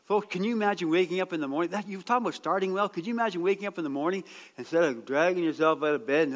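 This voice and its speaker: A middle-aged man preaching a sermon, chatty and joking, then rising to a shout as he urges people on. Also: high-pitched, lively intonation, fast talker. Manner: conversational preaching that swings to shouted exhortation. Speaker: pastor. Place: church hall. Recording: long church-hall reverb.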